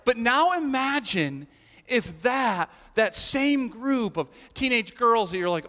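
A man's voice: sits high, lively intonation, measured pace, bright, forceful tone, big-room sound. A man preaching a sermon as pastor, talking conversationally and animatedly with many rhetorical questions, in a church sanctuary.

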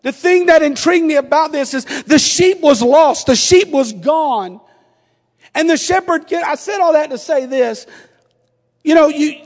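High-voiced preacher in a reverberant church. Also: male voice. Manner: swings from quiet storytelling to shouted preaching. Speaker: pastor. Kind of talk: sermon. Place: church sanctuary.

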